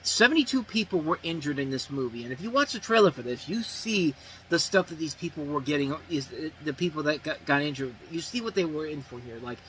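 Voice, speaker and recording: A man's voice: fairly high pitch, expressive, a little fast, a bit bright, a little hiss or hum, rough recording. A man hosting a movie review show, talking casually and rambling, with frequent restarts and self-corrections.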